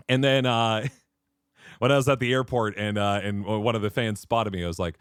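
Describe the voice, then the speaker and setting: A man streaming a game, chatting casually in an animated, laughing way and acting out little voices. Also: lowish voice, normal speed, clean tone, no echo, studio quality. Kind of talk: casual gaming chat.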